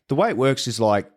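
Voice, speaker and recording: A man who is a podcast guest tells his story in casual chat. He swears freely and often restarts his sentences. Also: medium pitch.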